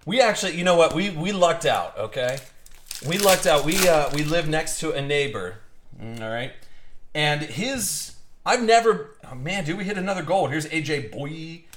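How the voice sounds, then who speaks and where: A young man with a somewhat high voice talks casually on a live stream. He rambles and restarts his sentences as he chats with viewers. Faint background noise sits under the recording. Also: animated, moderate pace, a bit bright. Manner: rambling, chatty storytelling with many restarts. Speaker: card break host. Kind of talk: casual live-stream chat while opening cards.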